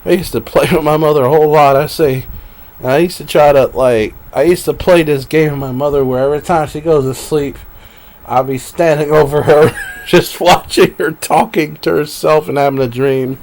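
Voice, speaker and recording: A man's voice: on the high side, steady tone, normal speed, a little mellow, a little hiss or hum. A man live streaming at his computer, rambling to himself with frequent laughs as he browses. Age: adult. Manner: meandering, talks to himself, laughs often.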